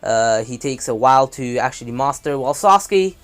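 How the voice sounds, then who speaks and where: A man's voice: medium pitch, lively intonation, fairly quick. A man casually retelling an anime fan story, rambling with frequent asides and jokes. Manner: rambling, many fillers and restarts, jokey asides.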